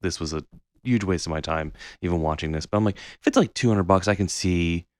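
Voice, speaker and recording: A low-pitched man co-hosts a podcast and rants about gear in loose, profane, animated talk. His voice is close and dry, with no room sound. He speaks in bursts and keeps on going. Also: fairly quick, no room sound. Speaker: podcast co-host. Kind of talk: casual chat.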